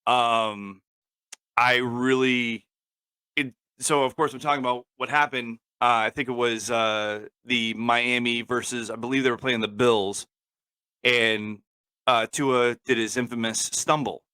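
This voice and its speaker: A man's voice: medium pitch, steady tone, a little slow, pushed and bright, smooth, no echo. A man co-hosting a casual talk show, swearing freely and working himself up to angry outbursts. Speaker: podcast co-host.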